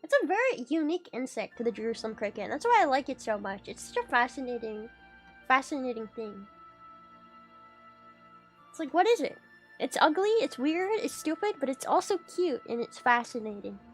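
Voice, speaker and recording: Excitable high-voiced woman streamer. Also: brisk, soft background music. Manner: excitable and playful, swears casually; rambling with sudden jumps in pitch and loudness. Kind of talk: casual livestream chat.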